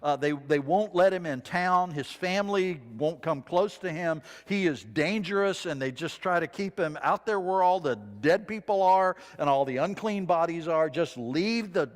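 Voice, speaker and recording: A man preaching a sermon, reading scripture dramatically and dropping to a hush for quoted lines. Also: high-pitched, normal speed, hardly any pauses. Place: church sanctuary. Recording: long reverb of a church sanctuary.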